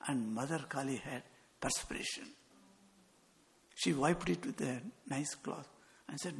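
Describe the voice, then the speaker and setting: A man's voice: a little high, a little slow, creaky, pauses often. A man, a monk giving a sermon with earnest storytelling and quoted dialogue. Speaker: monk giving a spiritual talk. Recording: long hall reverb.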